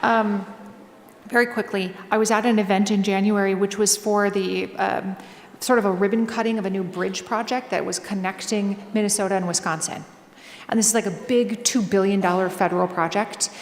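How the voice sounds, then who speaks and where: A woman's voice: medium pitch, normal speed, a little hiss or hum. Chatty woman author on a stage. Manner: chatty and animated, with many fillers. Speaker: author and guest speaker. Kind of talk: casual storytelling talk before a live audience. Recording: echoey hall, faint ambience.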